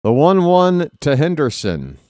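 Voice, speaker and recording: A man calling live baseball play-by-play for fans, excitable and jokey, talking straight to his listeners. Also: a little high, a little slow. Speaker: fan play-by-play commentator.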